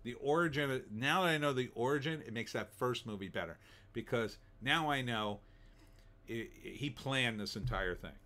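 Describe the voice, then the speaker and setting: A man's voice: mid-range voice, normal speed, bright, forceful tone. A middle-aged man giving a casual, rambling spoken movie review, full of fillers and restarts. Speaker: film reviewer.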